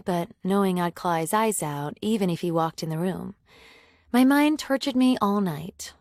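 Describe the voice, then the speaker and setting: A woman's voice: mid-range voice, a little mellow, no room sound. A young woman narrating a first-person story in an emotional, confessional way.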